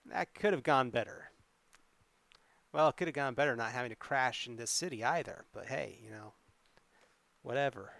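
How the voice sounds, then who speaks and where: A man's voice: medium pitch, normal speed, vocal fry, long pauses, a bit bright, dry recording. A man streaming a solo tabletop adventure, reading its text aloud and adding wry asides. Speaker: solo game player and streamer.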